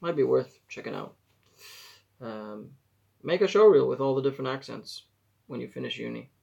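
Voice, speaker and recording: Man, 40s, gravelly and husky, casual rambling live-stream chat. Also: mid-range voice, moderate pace, darkish tone, muffled recording. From Israel. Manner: rambling, self-correcting, chatty advice.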